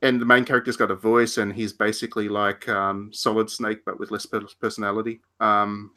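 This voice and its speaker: A man co-hosting a podcast, talking loosely about games. His voice has a bright, forward tone. He rambles, restarts sentences and laughs often. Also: lowish voice, flat delivery, fairly quick. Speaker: podcast co-host. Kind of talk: casual game discussion.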